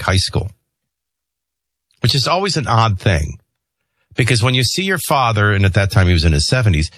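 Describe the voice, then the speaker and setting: Husky middle-aged guy on a show, swinging pitch all over while he rants and tells stories, dry close mic. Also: dry recording. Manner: animated, rambling, swings between stories and rants. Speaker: host. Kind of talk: opinion monologue with storytelling.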